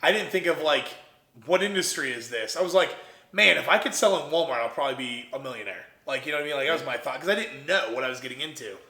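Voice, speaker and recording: A young man from Ohio, an entrepreneur guest, telling his story in a casual, animated way and acting out what others said. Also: mid-range voice, fast, echoey room. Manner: animated, quotes himself and others in lively voices.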